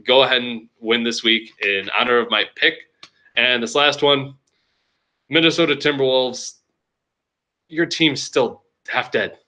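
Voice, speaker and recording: Young male league host, bright tone, casual rambling fantasy recap. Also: medium pitch, fairly even intonation, measured pace, pauses often. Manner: loose, joking, rambling with restarts.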